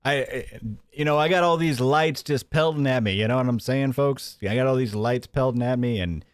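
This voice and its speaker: A man hosting a news commentary stream, energetic and joking, often laughing at what he covers. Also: medium pitch, normal speed, no echo, clean studio sound. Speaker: host.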